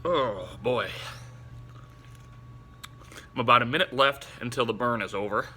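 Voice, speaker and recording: A man filming himself through a spicy food challenge, teary and runny-nosed, talking in halting bursts broken by gasps and exclamations. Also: medium pitch, sharp tone, slightly rough. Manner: halting, breathless exclamations between short remarks. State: eyes watering, nose running, in pain from spice. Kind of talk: casual on-camera commentary.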